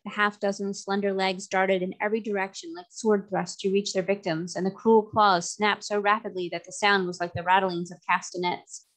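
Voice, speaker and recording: A woman narrating a classic children's novel aloud, in a steady storytelling manner. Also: mid-range voice, moderate pace, hardly any pauses.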